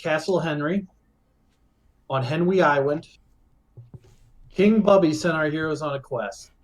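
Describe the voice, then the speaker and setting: A man acting as game master, recapping a tabletop game in a rambling way with frequent laughter. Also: fairly high pitch.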